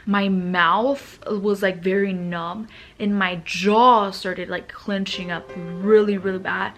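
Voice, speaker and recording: A woman's voice: medium pitch, fairly even intonation, a bit bright, soft background music. Young woman telling a story, filler-heavy. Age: young adult. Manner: fast, emotional retelling with many fillers. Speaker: vlogger. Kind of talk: storytime vlog. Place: seated on the floor of her home.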